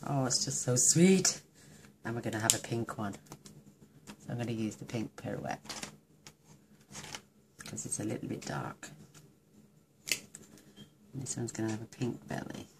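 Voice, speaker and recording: A woman's voice: a bass voice, animated, a little slow, long pauses, background noise. A woman demonstrating card-making, gushing and chatty as she thinks aloud while colouring. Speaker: craft demonstrator.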